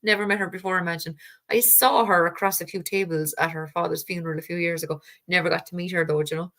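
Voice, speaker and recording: An Irish woman talks to her live-stream viewers in a relaxed, rambling way. Her voice sits a little lower than most women's. She leans on fillers and drops in a casual curse now and then. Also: fast. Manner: chatty and rambling, with frequent fillers; swears casually. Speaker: tarot livestream host.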